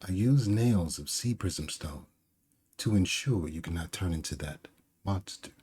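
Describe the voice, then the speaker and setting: A man voicing a calm, cool-headed woman who speaks quietly in a measured, cold way. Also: deep voice, breathy edge, full character voice.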